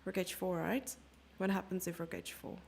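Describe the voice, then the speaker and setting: A woman's voice: fairly low pitch, flat delivery, moderate pace, gravelly, a little mellow, a little hiss or hum. A woman from Germany giving casual, self-mocking live chess commentary, chatting with her viewers and thinking aloud over the moves.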